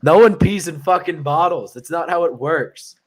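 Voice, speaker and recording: This young man, a podcast co-host, has a slightly high voice and speaks at a moderate pace. On a casual show he tells a long story to a live chat, rambling and swearing, with plenty of fillers and restarts.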